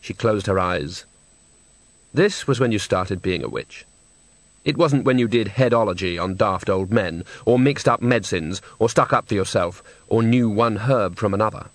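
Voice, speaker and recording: A man's voice: lowish voice, animated, moderate pace, no room sound. A man narrating a comic fantasy novel in a wry, storytelling manner. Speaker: audiobook narrator. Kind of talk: scripted narration.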